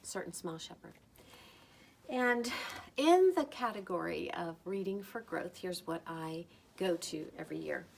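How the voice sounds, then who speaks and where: A middle-aged woman talking casually about books she loves, gentle and enthusiastic, lingering over her words. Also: on the low side, lively intonation, a little slow, vocal fry, a little hiss or hum. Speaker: book vlogger. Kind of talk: casual recommendation talk.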